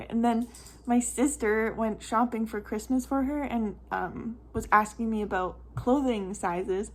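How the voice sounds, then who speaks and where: A young mom telling a storytime vlog in a slightly high voice. She rambles casually with lots of "like" fillers, and her talk turns emotional at times, close to tears. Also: fairly even intonation, a little slow. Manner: chatty, rambling, many "like" fillers.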